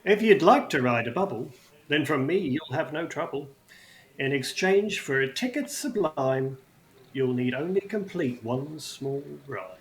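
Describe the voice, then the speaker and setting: A man's voice: on the high side, expressive, unhurried. Guy doing a polite goblin carnival ride guy, talks all in rhymes, kinda echoey room. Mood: courtly, sing-song. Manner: speaks in sing-song rhyming couplets. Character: polite rhyming male goblin ride keeper.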